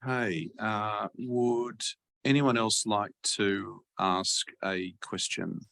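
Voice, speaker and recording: A deep-voiced man chairs a council webinar. His voice has a gravelly fry, and he speaks in a measured, hesitant way with plenty of fillers. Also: fairly even intonation, bright, forceful tone. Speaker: meeting chair.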